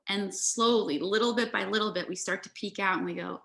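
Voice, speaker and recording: Earnest middle-aged woman healer, gentle reflective talk, slips into little quoted inner voices. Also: medium pitch, fairly even intonation, fairly quick, creaky. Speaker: energy healer and coach.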